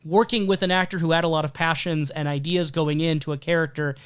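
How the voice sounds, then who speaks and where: High-pitched guy cohosting a podcast, chatty, analytical, reads out quotes. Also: fairly even intonation, quick pace, clean tone. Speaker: podcast co-host. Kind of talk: casual podcast discussion.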